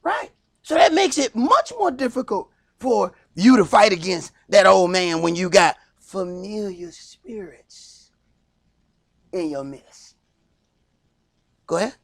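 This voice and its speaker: A man with a Southern US accent teaching a Sabbath Bible class in a loud, animated sermon style, acting out little skits. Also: high voice, takes it slowly, vocal fry, long pauses. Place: congregation hall.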